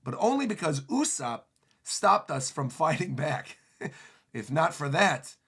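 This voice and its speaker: Guy doing a gruff chill swordsman, low and slow, raspy. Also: big pitch swings, a bit bright, full character voice. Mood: unbothered. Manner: laid-back, low, slow threat. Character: gruff, unbothered swordsman man.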